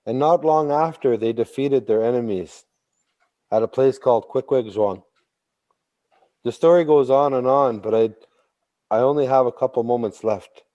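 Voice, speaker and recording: A man telling a traditional story slowly, repeating phrases and bursting into sudden animated emphasis. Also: mid-range voice, highs cut off. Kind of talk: oral storytelling.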